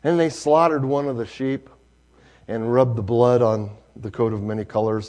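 A male preacher, telling a story in a sermon, swinging from hushed to loud. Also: mid-range voice, fairly even intonation, normal speed, highs cut off.

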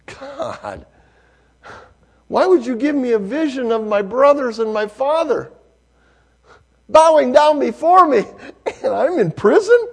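A man's voice: very high-pitched, lively intonation, extremely slow, hardly any pauses, breathy edge, pitched above the performer's own voice, heavily acted. A male preacher voicing a young prisoner who cries out to God in anguish. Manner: anguished, crying out. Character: young imprisoned man pleading with God, bewildered.

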